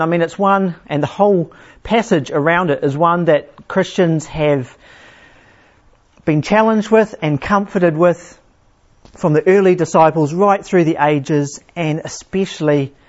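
A man preaching a sermon in a conversational way, restarting phrases often and slowing down to read scripture with emphasis. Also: a little high. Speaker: pastor. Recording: dull lo-fi sound.

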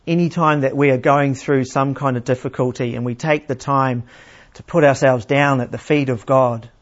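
A man's voice: mid-range voice, steady tone, moderate pace. Male preacher, sermon, plain teaching tone, rhetorical questions, slightly lo-fi recording. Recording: slightly dull, lo-fi sound.

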